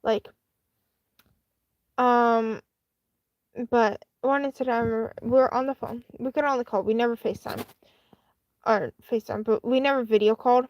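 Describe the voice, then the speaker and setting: A woman's voice: on the high side, fairly even intonation, moderate pace, long pauses, no echo, dull audio. A woman hosting a live stream, casually telling a personal story in a rambling, candid way with many fillers and restarts. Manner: chatty and candid.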